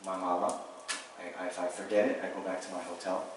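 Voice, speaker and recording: A man's voice: low-pitched, steady tone, fast talker. A male Buddhist teacher giving an informal, conversational Dharma teaching to students in a meditation hall, often checking in with "right?". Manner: conversational, with frequent "right?" checks and self-corrections. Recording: echoey room, distant mic, audible noise.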